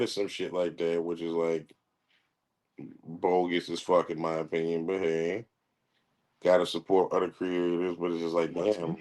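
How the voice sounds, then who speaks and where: A man's voice: deep voice, little pitch movement, normal speed, darkish tone. A man streaming live and chatting casually as he reacts to videos, in laid-back, profane slang.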